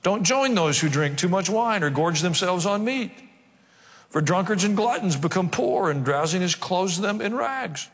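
Pastor preaching in a reverberant hall. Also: male voice, high-pitched, animated, normal speed. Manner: wry asides, acting out quoted voices. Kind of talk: sermon. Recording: long reverb of a large hall.

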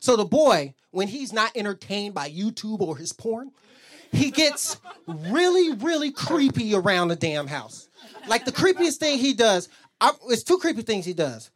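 A man doing a stand-up comedy set, animated and profane, jumping into high squeaky voices when he quotes people. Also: unhurried. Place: comedy club stage. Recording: roomy club sound with a laughing crowd.

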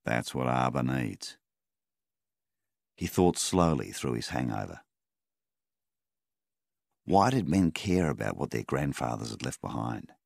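A man narrating a novel in a measured, unhurried way. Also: rumbling low, sing-song, vocal fry, darkish tone, no echo, clean studio sound. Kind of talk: audiobook narration.

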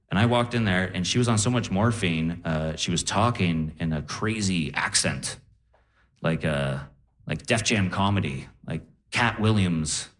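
A young man performing a stand-up set on stage, animated and laughing as he acts out voices. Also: sits low, measured pace. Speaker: stand-up comedian. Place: comedy stage before a live audience.

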